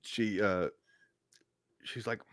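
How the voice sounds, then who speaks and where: Male podcast guest, low-pitched, rambling self-deprecating storyteller, dead-dry mic. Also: steady tone, very slow, no room sound. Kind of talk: casual interview storytelling.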